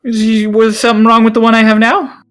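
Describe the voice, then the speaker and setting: A man voicing a cheeky one-armed male wolf-shifter in a tabletop game, teasing and high. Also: level tone, a little fast, a bit bright, faint music behind. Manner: teasing, whiny, high-pitched.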